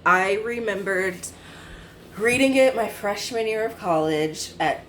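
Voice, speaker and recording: A woman's voice: medium pitch, expressive, a little slow, a bit bright, a little hiss or hum. A woman in her twenties chatting casually about books she has read, rambling with many fillers and self-corrections. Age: 20s. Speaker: book vlogger. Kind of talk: casual book review chat.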